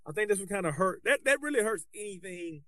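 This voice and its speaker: High-voiced man chatting on a podcast. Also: quick pace, no echo. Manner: animated, colloquial, restarts often. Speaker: podcast co-host, basketball coach. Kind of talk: casual podcast chat.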